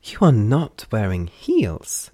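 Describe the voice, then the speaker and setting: A man's voice: deep voice, steady tone, unhurried, gravelly, mellow, husky, no room sound, full character voice. A man voicing a bubbly, teasing four-armed female creature in an audiobook, theatrical and coy.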